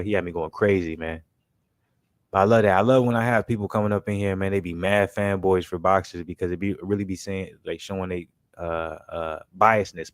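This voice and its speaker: Laid-back low-voiced male stream host. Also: dry recording. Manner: laid-back, slangy, keeps saying "you know what I'm saying" and "man"; talks through made-up scenarios, voicing friends in quick quotes. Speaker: livestream basketball commentary host. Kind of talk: casual chat to a live stream chat.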